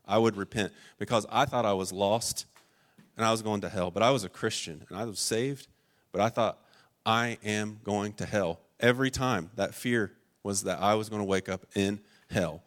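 A man preaching a sermon, telling stories with dramatic swings between loud, urgent lines and hushed, low passages.

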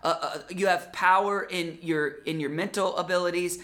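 A pastor preaching a sermon in an animated, conversational way, acting out quotes as he goes. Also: medium pitch, normal speed.

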